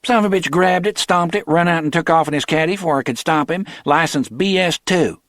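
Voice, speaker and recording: A man's voice: medium pitch, lively intonation, normal speed, fairly bright tone, no echo, studio quality, voice pushed up. A man voicing a surly, mean-tempered male thug who grumbles bluntly, in an audiobook. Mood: grumbling.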